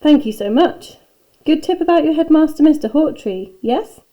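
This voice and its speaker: A woman's voice: on the high side, normal speed, dull audio, close to an everyday voice. A woman reading a chatty, eager shopkeeper man. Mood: cheerful. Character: eager friendly male shopkeeper, chatty adult.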